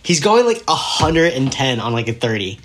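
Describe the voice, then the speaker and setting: A young man telling a story casually as a podcast guest, animated and laughing as he acts out what people said. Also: medium pitch, normal speed, background noise.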